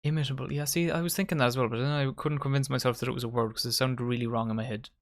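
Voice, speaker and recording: A man hosts a live match watchalong at a medium pitch. He calls the play in a casual, chatty way and banters with his mates and viewers as the game unfolds. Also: fairly even intonation, racing. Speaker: watchalong host.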